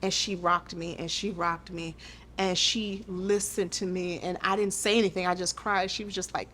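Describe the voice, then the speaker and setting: A woman's voice: mid-range voice, fairly even intonation, fairly quick, fairly bright tone, slight background noise. A woman guest on a podcast, telling a hard personal story in an earnest, intimate way, often repeating her phrases.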